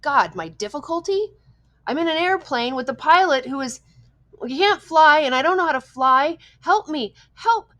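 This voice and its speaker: A woman's voice: expressive, normal speed, fairly bright tone. A woman reading an audiobook, voicing a frightened teenage boy stranded in a plane, pleading and panicked. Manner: pleading, panicked, voice rising high. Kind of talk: audiobook character voice.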